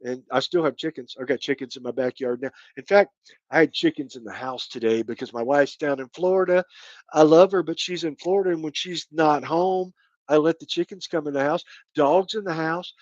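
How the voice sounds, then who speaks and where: A middle-aged man from Kentucky, his speech carrying a light Kentucky accent, hosts a casual live stream and rambles in a folksy way. His voice sits a touch high for a man. The sound is dry and a little dull, like a home stream. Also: brisk, a little mellow, no echo. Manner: rambling, folksy, thanks viewers by name. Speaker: channel host.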